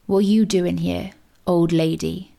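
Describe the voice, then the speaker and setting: A woman doing a gruff, threatening fisherman. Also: fairly low pitch, fairly even intonation, slow pace, warm tone. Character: menacing fisherman, rude adult man.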